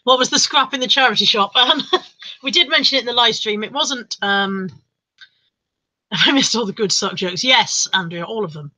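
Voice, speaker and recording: A woman hosts a casual livestream, reading viewers' comments aloud, joking and laughing often. Her fairly high voice is pushed and bright at a moderate pace, though the audio quality is poor.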